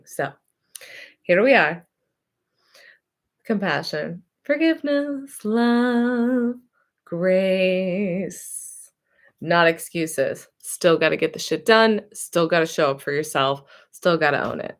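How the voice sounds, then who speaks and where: A woman hosting her own vlog, talking slowly with a gravelly edge in a fairly low voice. She gives a chatty pep talk to herself and her viewers and leans hard on drawn-out words. She records at her desk into a camera or computer mic. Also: lively intonation. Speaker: vlog host. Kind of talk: casual motivational vlog talk.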